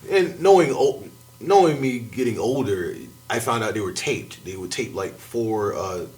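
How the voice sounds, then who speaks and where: A man chatting as a guest on a talk show, animated and laughing often. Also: on the low side, normal speed. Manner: animated, laughs often, jumps between thoughts. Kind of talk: casual chat.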